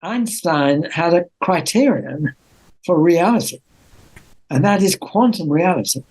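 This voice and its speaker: Chatty interviewee who keeps correcting themself, slightly husky, swings up and down a lot. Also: medium pitch, a little slow, low-quality recording. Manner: chatty, self-correcting, animated. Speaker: physicist interviewee. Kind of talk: interview answer.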